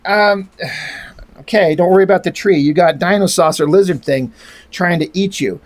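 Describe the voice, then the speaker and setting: A man's voice: high voice, moderate pace. A man reading through a comic aloud and mocking it with sarcastic, rambling, profane asides. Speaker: comic reviewer.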